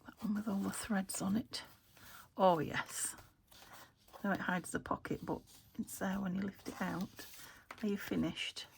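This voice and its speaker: A British woman crafting at her table at home, thinking aloud and often dropping to a soft half-whisper as she narrates casually. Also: medium pitch, fairly even intonation, a little slow, vocal fry, slight background noise. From United Kingdom. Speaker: craft vlogger. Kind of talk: casual flip-through narration while crafting.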